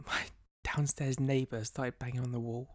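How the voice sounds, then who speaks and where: A woman's voice: very deep voice, little pitch movement, normal speed, a little hiss or hum. A young woman co-hosting a film podcast, chatting casually and giggling often. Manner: conversational, giggly. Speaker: podcast co-host. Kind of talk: casual chat.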